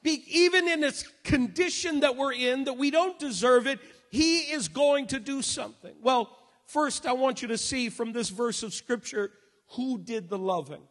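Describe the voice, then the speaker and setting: A male pastor preaching a sermon in an emphatic way, slowing down and raising his voice on key phrases. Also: very high-pitched, a bit bright. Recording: long reverb of a hall.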